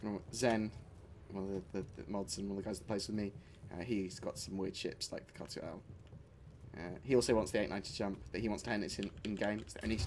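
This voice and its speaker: Lively man streaming a game. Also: fairly low pitch, creaky, a little hiss or hum. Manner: swears and jokes at the game, answers chat. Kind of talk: casual livestream chat while playing.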